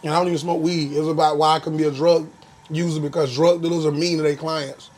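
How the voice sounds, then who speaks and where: A man's voice: on the high side, little pitch movement, quick pace, a little mellow. A young man from Florida, a comedian telling stories in a casual interview, laid-back with lots of "um" fillers. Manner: laid-back storytelling, frequent "um" fillers, bursts of laughter. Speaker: comedian guest.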